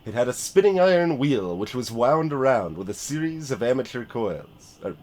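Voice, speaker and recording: A man's voice: medium pitch, very animated, brisk, a little mellow. A man streaming a story game, reading its narration aloud and chatting in a self-deprecating way.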